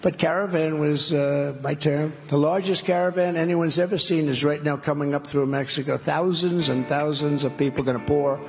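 A man gives a political speech, hammering his points with repeated phrases and boasting now and then. His voice sits a little high. A long reverb trails every line, as in a big hall. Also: fairly even intonation, moderate pace, hardly any pauses, soft background music. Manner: repetitive, emphatic, boastful. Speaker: speaker.

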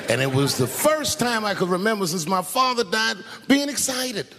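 Animated stand-up comedian in a hall. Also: male voice, sits high, brisk, a little hiss or hum. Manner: animated, shifts between hushed and loud. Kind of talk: stand-up storytelling. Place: large venue on stage. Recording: stage audio with long hall reverb and faint crowd.

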